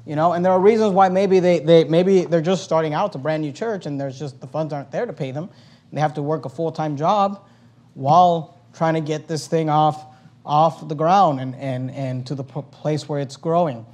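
A man preaching a sermon as pastor, reading scripture aloud and building to loud emphatic stretches. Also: a little high, moderate pace.

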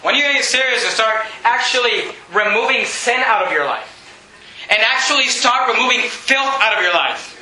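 A preacher with a very high, piercing bright voice delivers an impassioned sermon in a church. He swings between shouting and sudden hushed drops. The room rings with echo. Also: lively intonation, moderate pace. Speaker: pastor. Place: church sanctuary.

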